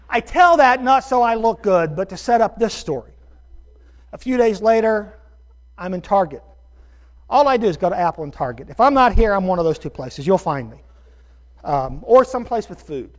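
Pastor guy in his middle years telling a sermon story, kinda high pitched, gets animated and pokes fun at himself, muffled church recording. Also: brisk. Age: middle-aged. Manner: animated, self-deprecating storytelling with rising bursts.

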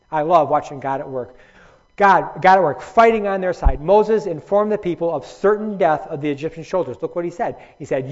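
High-voiced man teaching Bible study. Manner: emphatic, addresses listeners by name; reads scripture aloud. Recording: dull lo-fi recording.

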